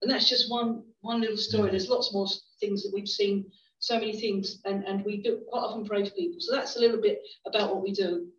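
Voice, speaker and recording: A woman's voice: medium pitch, fairly even intonation, a little fast, hardly any pauses, fairly bright tone. A middle-aged woman, a visiting preacher telling stories in a church, chatty, with frequent restarts. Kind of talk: storytelling sermon. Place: church hall. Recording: roomy, distant, dull church recording.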